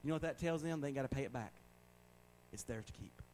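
A man's voice: medium pitch, animated, quick pace, a little mellow, low-quality recording. A man in his forties preaching a sermon in a conversational way, with joking asides and words repeated for emphasis. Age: 40s. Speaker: pastor.

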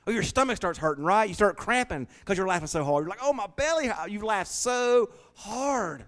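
A man's voice: high voice, animated, normal speed, fairly bright tone. Folksy man preaching. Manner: folksy, joking, laughs often. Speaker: pastor. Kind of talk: sermon. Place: small church.

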